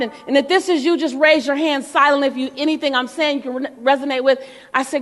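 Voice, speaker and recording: High-voiced woman telling a story in a hall. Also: fairly quick. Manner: animated, playful, laughs between lines. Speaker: motivational speaker. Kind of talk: storytelling speech to a live audience. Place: large hall before an audience. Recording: long reverb of a large hall.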